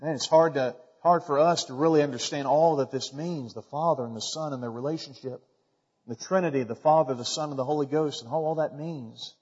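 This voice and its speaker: A man preaching a sermon as a pastor, in a folksy way that climbs to loud, emphatic peaks. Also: fairly high pitch, a little fast, breathy edge. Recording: dull recording with long hall reverb.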